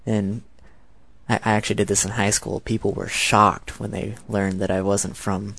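A 19-year-old man with an American accent and a fairly low voice, rambling on in a chatty, casual monologue. The recording is dry and close, with no room sound. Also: little pitch movement, normal speed, creaky, fairly bright tone, dry recording.

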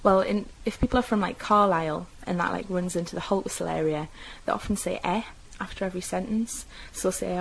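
A woman's voice: lowish voice, a little fast, gravelly, hardly any pauses, slight background noise, rough recording. Chatty woman with a mild Geordie accent. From North East England. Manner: chatty, with frequent fillers and self-corrections. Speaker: interviewee describing her own dialect. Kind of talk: casual personal recollection.

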